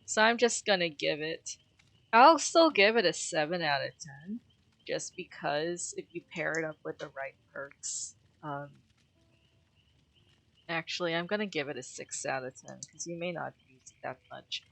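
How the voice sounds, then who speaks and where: A woman streams a game and talks over it in a loose, rambling way, correcting herself as she goes. Her voice sits a little low but comes out bright and forceful. She gets excitable and laughs easily. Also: a little slow, gravelly. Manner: rambling, self-correcting reviews. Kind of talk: casual gameplay commentary.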